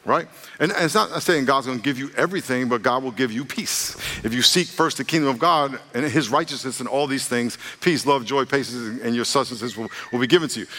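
A man's voice: medium pitch, normal speed. A male pastor preaching a sermon, telling a joking story and acting out its characters before turning to scripture. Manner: jokey, animated storytelling, acts out characters. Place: church hall. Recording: long reverb of a church hall.

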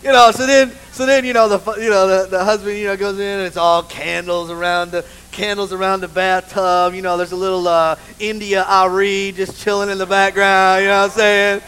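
A man preaching a sermon in church, an animated, humorous storyteller who keeps saying "you know". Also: high-pitched, a little fast, hardly any pauses, low-quality recording. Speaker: pastor. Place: church with a live congregation.

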